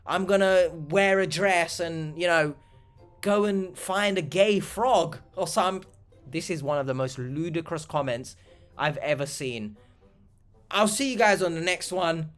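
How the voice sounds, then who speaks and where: A man's voice: on the high side, measured pace, fairly bright tone, smooth, faint music behind. A young man in a casual reaction vlog, sarcastic and rambling, exasperated by what he reads. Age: young adult. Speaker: YouTuber reacting to comments.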